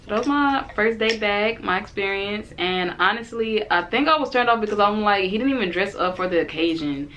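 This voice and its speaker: A woman's voice: medium pitch, fairly quick, hardly any pauses, slight background noise. A woman in her twenties, a vlogger telling a story casually to the camera and acting out what both people said. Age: 20s. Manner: animated, acts out both sides of the date in quotes.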